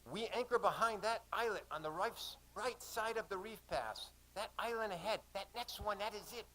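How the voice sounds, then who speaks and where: A man's voice: medium pitch, measured pace, bright, forceful tone, low-quality recording. A man voicing an insistent local man guiding a boat, speaking in an emphatic, commanding way during a live reading in a cafe.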